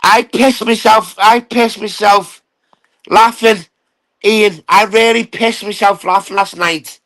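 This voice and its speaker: A man's voice: sits high, fairly even intonation, slow pace, fairly bright tone, poor audio. A man rants on his live stream, taunting an absent rival and swearing as he rambles. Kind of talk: ranting casual live stream.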